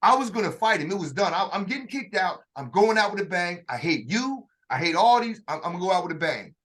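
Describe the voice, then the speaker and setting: A man with a somewhat high voice tells a story from his own life in relaxed conversation. He stops and restarts often, searches for words, and slips into the voices of the people he is quoting. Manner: halting, with frequent restarts and acted-out quotes. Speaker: author telling his story.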